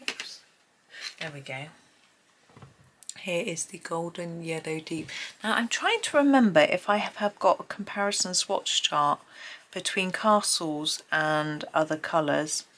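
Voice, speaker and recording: A woman hosting a casual colouring tutorial at home, chatting and thinking aloud as she works, with frequent pauses and hesitations. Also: fairly low pitch, lively intonation, fairly bright tone, a little hiss or hum. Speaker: colouring channel host. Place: home, at a desk with a tripod camera. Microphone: camera on a tripod.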